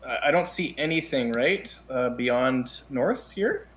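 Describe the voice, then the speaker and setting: A man playing a tabletop game, planning his character's turn slowly and deliberately. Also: mid-range voice, animated, a bit bright. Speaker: player.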